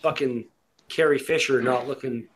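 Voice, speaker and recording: A man's voice: medium pitch, fairly even intonation, normal speed, fairly bright tone. A man in casual chat, rambling with lots of fillers and swearing.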